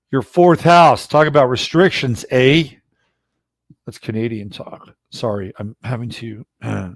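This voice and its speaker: A man's voice: medium pitch, no room sound, clean studio sound. A middle-aged man hosting a casual livestream about astrology, rambling and blunt, with occasional swearing. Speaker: astrologer host.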